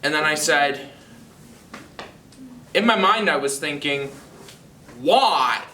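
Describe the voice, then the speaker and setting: A seventeen-year-old young man from North Carolina tells a personal story, halting and amused, with frequent restarts. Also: a little high, sharp tone, echoey room, far from the mic, slight background noise. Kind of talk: personal anecdote told to camera.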